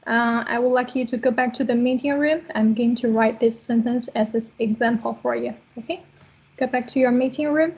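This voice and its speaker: A woman's voice: a little high, fairly even intonation, normal speed, darkish tone, breathy edge, muffled recording. A woman teaching a language class online, explaining patiently step by step over a video call.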